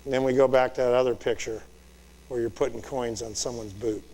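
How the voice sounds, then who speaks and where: A man's voice: mid-range voice, fairly even intonation, a little fast, a little mellow. A man in his fifties, a military commander, giving a direct motivational leadership talk to officer students, asking rhetorical questions and checking "Okay?". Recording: long reverb in a large hall.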